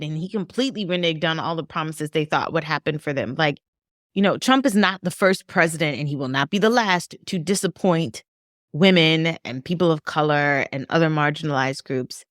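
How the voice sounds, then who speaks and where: A middle-aged woman professor talking earnestly and emotionally on a podcast, often halting and restarting. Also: sits low, no echo, clean studio sound. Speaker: professor and author. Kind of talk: podcast discussion.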